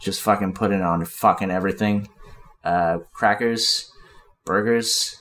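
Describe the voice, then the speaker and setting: A man's voice: fairly low pitch, steady tone, measured pace, a bit bright. Rambling mock-expert man, full of ums. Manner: mock-expert, hesitant with many ums and restarts. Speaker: guest on a comedy podcast. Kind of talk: joking casual chat.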